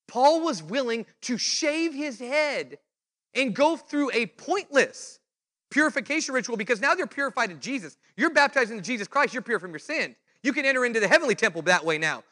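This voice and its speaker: A male preacher delivering a sermon with a high, bright voice. He tells stories with lively energy and briefly slips into the voices of the people he quotes. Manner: animated storytelling, acts out quoted voices.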